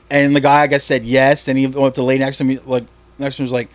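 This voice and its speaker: Philly guy on a podcast, cussing a lot, acting out the jokes he liked, regular pitch. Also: fast, no echo. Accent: Philadelphia. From Philadelphia area. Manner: animated, swearing, acts out quoted bits. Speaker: podcast host. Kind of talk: casual chat.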